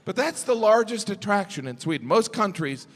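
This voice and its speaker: A middle-aged man doing stand-up comedy on stage, with a deadpan delivery and mock-incredulous asides. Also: sits high, moderate pace. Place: large theater stage with a laughing audience. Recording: live hall reverb, loud audience noise.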